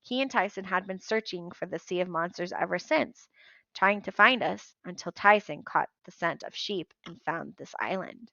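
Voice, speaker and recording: A woman reading a novel aloud in an expressive, lively storytelling manner. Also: on the low side, normal speed, creaky, dry recording, dull audio. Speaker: audiobook reader.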